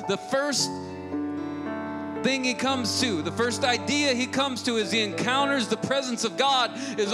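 A man preaching a sermon as lead pastor, moving from a family story to forceful exhortation. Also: extremely high pitch, normal speed. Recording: long hall reverb with loud music beneath. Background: loud guitar music.

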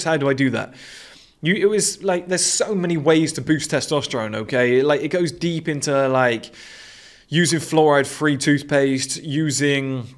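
A young British man in a blunt, aggressive casual monologue, swearing freely as host. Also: mid-range voice.

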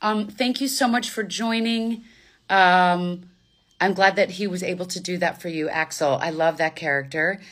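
A woman voice actor and coach chatting warmly to fans on a live stream from a studio, gushing with thanks and goodbyes. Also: on the low side, steady tone, moderate pace. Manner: gushing, affectionate sign-off chatter. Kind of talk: casual live stream chat.

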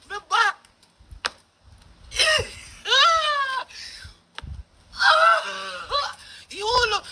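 High shouting Jamaican voice, mocking. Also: vocal fry, a little hiss or hum. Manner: loud, mocking, laughing, swearing, shouts often. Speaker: commentator. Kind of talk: ranting commentary.

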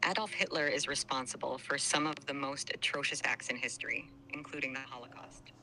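A man voicing a calm AI chatbot co-host that answers in even, formal, lecturing sentences. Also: medium pitch, fairly quick, a little hiss or hum, low-quality recording. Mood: measured.

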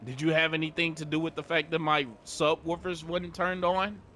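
Brief: young male gaming streamer, laid-back and chatty, bright voice, faint background hiss. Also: on the high side, level tone, normal speed. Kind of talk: casual gameplay commentary.

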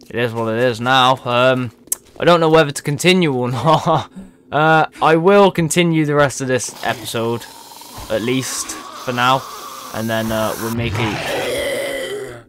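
A man's voice: medium pitch, measured pace, fairly bright tone, a little hiss or hum. A young man giving let's-play commentary to his viewers, frustrated and swearing often. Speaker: gaming video creator.

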